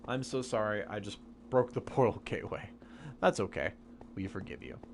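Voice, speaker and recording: Lively young man explaining to chat. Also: lowish voice, normal speed, slight background noise. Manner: explains science patiently to chat. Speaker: live streamer. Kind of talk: casual live-stream chat.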